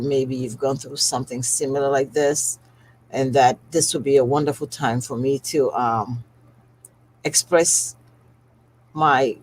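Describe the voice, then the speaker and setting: A woman's voice: a bass voice, unhurried, pauses often, a little mellow, slightly rough, low-quality recording. A woman running her business's livestream, talking to viewers in a heartfelt way and close to tears. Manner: heartfelt and tearful, speaking directly to viewers. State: on the verge of tears. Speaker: skincare business owner hosting a live stream. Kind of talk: emotional personal livestream.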